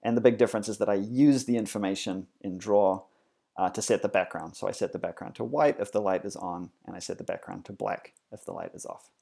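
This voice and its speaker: Low, gravelly man explaining code. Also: fairly even intonation, a little fast, dark tone. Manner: casual, explanatory, frequent fillers and self-corrections. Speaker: instructor. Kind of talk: screencast coding tutorial.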